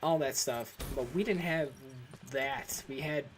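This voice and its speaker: A man's voice: mid-range voice, measured pace, background noise. Rambling young man telling a story. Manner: rambling, filler-heavy, restarts often. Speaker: vlogger. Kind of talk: casual storytelling to camera.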